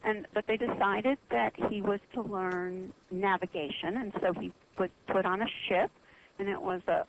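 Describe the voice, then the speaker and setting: A woman guest on a radio talk show telling a religious history story in an earnest, halting way with many pauses. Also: mid-range voice, dull audio, a little hiss or hum.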